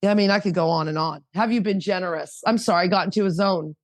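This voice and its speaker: A woman's voice: on the low side, fast, no room sound. A woman in her fifties sharing her recovery story at an online meeting, fervent and emotional, firing off rhetorical questions over a video call. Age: 50s.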